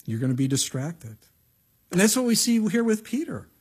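A middle-aged male pastor preaching a sermon in a conversational way, acting out quotes with lively voices. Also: sits high, normal speed, slightly rough.

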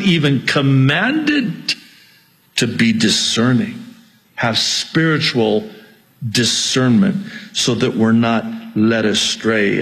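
Slow emphatic male preacher. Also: medium pitch, rough recording. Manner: emphatic, climbs to near-yelling then calms with self-aware humor; addresses congregation as "you guys". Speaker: pastor. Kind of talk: sermon.

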